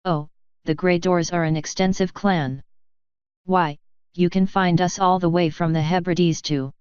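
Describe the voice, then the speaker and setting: A haughty, affected young griffin lady who puts on airs and gets flustered when caught out, as a woman reader puts her on. The voice is low, smooth and clear, with a slightly dull, dry sound. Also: fairly even intonation, unhurried, darkish tone, no room sound, close to an everyday voice. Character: young female griffin, pretentious social climber.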